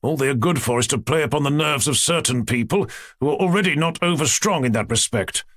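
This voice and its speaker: A man voicing a stern, irritable aristocratic father who speaks gruffly and sarcastically. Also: mid-range voice, lively intonation, fairly quick, fairly bright tone, no room sound, clean studio sound.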